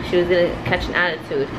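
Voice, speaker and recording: A woman vlogging her family day, talking in an expressive, excitable way and dropping in Spanish phrases. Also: on the high side, normal speed, very noisy. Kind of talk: casual daily vlog. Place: home, then outside in a parking lot.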